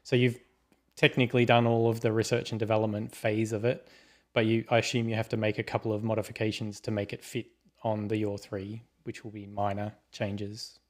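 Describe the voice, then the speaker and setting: A man hosting a casual interview, speaking in a relaxed, hedging way and reading out viewers' questions. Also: lowish voice, a little fast. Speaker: interview host. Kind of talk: casual video-call interview.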